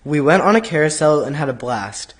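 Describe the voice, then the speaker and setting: A man reading a prepared reflection aloud at a service in a steady, even way. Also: on the high side, fairly quick. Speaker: congregant giving a trip reflection.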